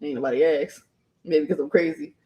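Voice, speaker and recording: A woman's voice: low-pitched, fairly even intonation, fairly quick, muffled recording. A young adult woman, chatting casually on a live stream, laughing often and raising her voice when quoting herself. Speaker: streamer and channel host.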